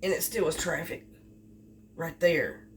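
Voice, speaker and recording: A woman with a low voice and fairly even intonation talks a little slowly, circling back repeatedly as she rambles about delivering for a living. This casual storytelling vlog was captured on a distant mic with faint background noise.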